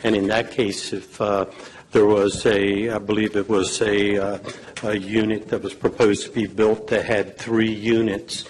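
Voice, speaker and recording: Low-voiced man losing his voice. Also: level tone, slight background noise, poor audio. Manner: measured, halting, many fillers. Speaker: legal counsel at a public meeting. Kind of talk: advising at a council meeting.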